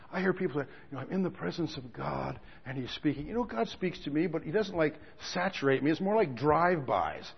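A fairly high, husky-voiced man preaching in a casual storytelling way, his voice dropping low and rising to loud peaks. The recording is dull and lo-fi, with a long reverb from a large hall. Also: very animated, a little fast. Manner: storytelling, swings from quiet asides to shouting. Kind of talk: sermon.

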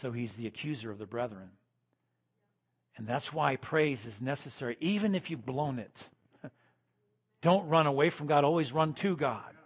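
A man preaching a sermon as pastor, swinging between loud emphatic lines and quiet ones. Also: medium pitch, moderate pace, pauses often, husky, highs cut off.

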